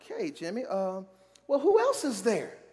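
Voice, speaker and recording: A man's voice: sits high, wildly swooping pitch, moderate pace, mellow, big-room sound. A man putting on a puzzled, polite telemarketer who hesitates and stumbles over his questions. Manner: hesitant, polite, lots of ums. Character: puzzled adult male telemarketer.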